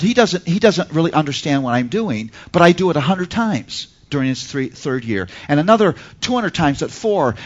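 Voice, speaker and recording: A man giving a seminar lecture on Christian parenting to a class, emphatic and animated, with pointed rhetorical questions. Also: on the high side, highs cut off.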